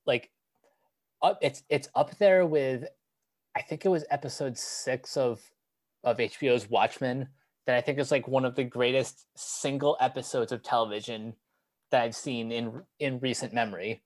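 A man's voice: mid-range voice, moderate pace. An American man in casual review chat who talks hesitantly, with many ums and restarts. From United States.

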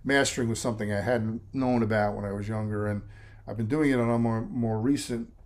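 A middle-aged American songwriter and lead singer, appearing as a guest in a casual interview, speaks in a lowish, steady, somewhat dark voice at a brisk pace. He rambles through stories, imitating the voices of people he quotes, and grows emotional at times.

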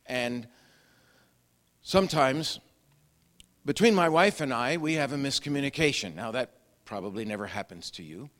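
A man's voice: mid-range voice, lively intonation, normal speed, pauses often, fairly bright tone, big-room sound. A man preaching a sermon, fervent in his appeals and easygoing and self-deprecating in his asides. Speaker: pastor.

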